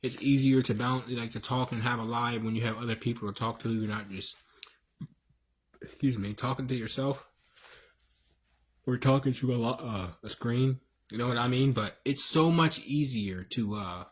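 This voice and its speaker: A man's voice: mid-range voice, normal speed. A man hosting a livestream, preaching in a rambling, slangy way with many fillers and restarts. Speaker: livestream host. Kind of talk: casual livestream monologue.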